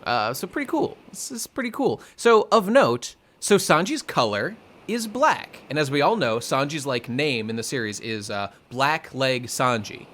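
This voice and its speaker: A man co-hosting a podcast, chatting casually and excitably about a manga chapter with playful asides. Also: medium pitch, moderate pace, hardly any pauses. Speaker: podcast co-host.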